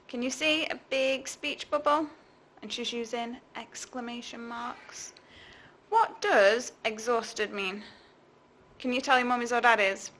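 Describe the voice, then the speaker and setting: A woman's voice: fairly high pitch, measured pace, fairly bright tone. A woman teacher, reading a storybook to children expressively and stopping to ask them questions.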